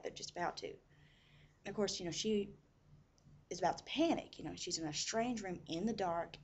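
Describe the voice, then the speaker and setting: A woman's voice: mid-range voice, a little mellow, dull audio, slight background noise. A woman casually telling a personal story, chatty and full of "you know" asides.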